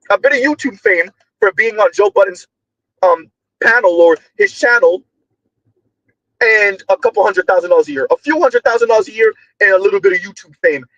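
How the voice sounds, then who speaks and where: A man delivering a loud, emphatic commentary monologue, often shouting, full of slang, repetition and rhetorical questions. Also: high-pitched, highs cut off. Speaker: online commentator.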